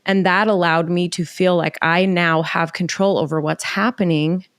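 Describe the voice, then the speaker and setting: Brief: middle-aged woman, podcast guest, candid and animated, dry close sound. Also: lowish voice, smooth, no echo. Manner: animated, emotional, quick asides with reenacted dialogue. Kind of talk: candid personal storytelling.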